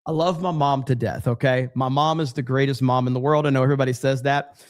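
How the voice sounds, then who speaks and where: A man's voice: medium pitch, fairly even intonation, fast talker, a little hiss or hum. A man hosting a casual livestream, rambling sarcastically and reading out chat messages. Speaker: livestream host.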